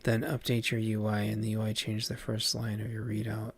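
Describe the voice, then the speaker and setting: A man's voice: on the low side, completely flat delivery, a little fast, vocal fry, husky. A man chatting casually on a live stream, distracted, rambling and swearing as he mutters to himself.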